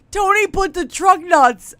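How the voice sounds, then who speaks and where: A woman co-hosting a casual podcast chat, swearing freely and laughing loudly as she tells stories. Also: very high-pitched. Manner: loud, laughing storyteller, swears often. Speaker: podcast co-host.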